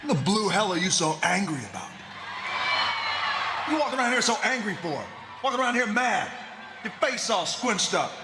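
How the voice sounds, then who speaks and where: A man giving a cocky wrestling promo, high and lively, full of taunts. The clip sounds roomy and a bit noisy, like an old broadcast. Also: moderate pace, long pauses. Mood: mocking. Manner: boastful, mocking, talks about himself in the third person. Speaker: wrestler in an archive backstage segment. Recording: archive TV clip, roomy with background noise.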